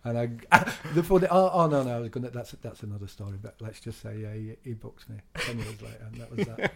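A middle-aged man, telling animated stories as a DJ guest in a casual interview, laughing often and swearing now and then. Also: mid-range voice, fast talker, creaky, crowd noise. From England.

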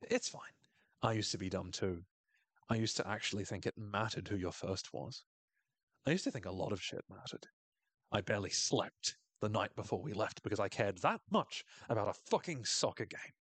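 A man reading out the lines of a bitter, disillusioned teenage girl in his own low voice, in a flat, dramatic way. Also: normal speed, husky, dry recording, full character voice.

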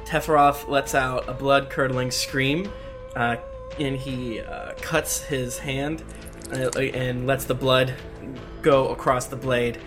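A man's voice: mid-range voice, fairly even intonation, slow pace, over music. A man playing a tabletop game, describing his character's actions with hesitant fillers. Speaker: player. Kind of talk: casual tabletop play.

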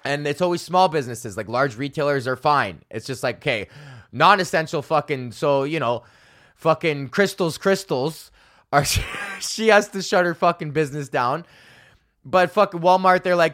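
A man's voice: fairly high pitch, expressive, normal speed, fairly bright tone. A young man, a stand-up comedian, ranting casually and sarcastically, swearing often and sounding exasperated. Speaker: podcast host and stand-up comedian.

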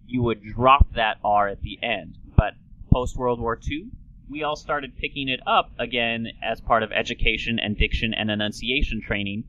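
A podcast host explains things in a playful, professorial way on his casual talk show, breaking into an old-timey announcer voice now and then. His mid-range voice is sharp and moderately paced, heard through dull audio.

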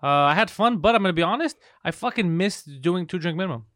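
A man co-hosting a podcast in casual, profane comedic banter, joking quickly with his friends in a studio. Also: high-pitched, animated, fairly bright tone, no room sound. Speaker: podcast co-host. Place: studio with microphones.

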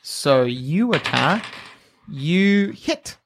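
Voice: mid-range voice, expressive, very slow, background noise. A game master narrating a tabletop game with wry humor, often laughing mid-sentence.

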